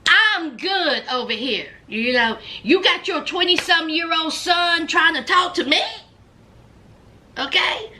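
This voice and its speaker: A man's voice: extremely high pitch, animated, takes it slowly, bright, forceful tone, heavily acted. A woman putting on the voice of a blustering, defensive man in his fifties. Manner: blustering, dismissive.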